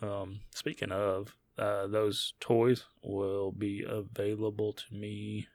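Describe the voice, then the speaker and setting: A man's voice: fairly low pitch, level tone, slow, darkish tone, no echo. A man hosting a casual podcast chat, loose and joking, laughing often. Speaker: podcast host.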